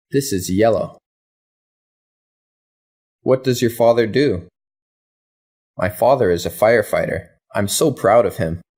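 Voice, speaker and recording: A husky man with a fairly low voice reads English drills slowly. Both questions and answers come out in an even, careful, scripted delivery as he works as a lesson reader.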